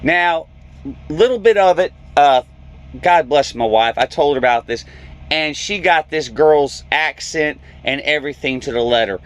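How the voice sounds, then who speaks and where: A man's voice: fairly high pitch, a little slow, smooth. A man, a truck driver, telling a story in a vlog and acting out the people in it. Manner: animated storyteller, acts out quoted voices.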